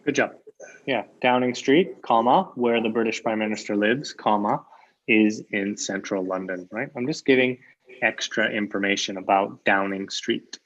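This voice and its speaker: A man with a lowish, fairly bright voice speaks at normal speed while teaching English grammar online. Examples, repeated key phrases and a constant "right?" mark his explanations, heard through a dull, lo-fi recording.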